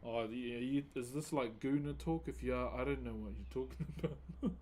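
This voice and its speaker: While whittling away on camera, this easygoing New Zealander greets his live-stream viewers by name and chats in relaxed slang. He speaks in a mid-range voice at a moderate pace.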